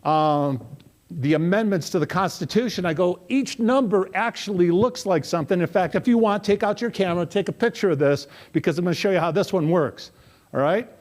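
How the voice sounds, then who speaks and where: A middle-aged man giving a lively motivational talk, coaxing his audience through memory exercises. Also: sits high, brisk. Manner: energetic, coaxing audience participation. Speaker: motivational speaker. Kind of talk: interactive memory workshop talk.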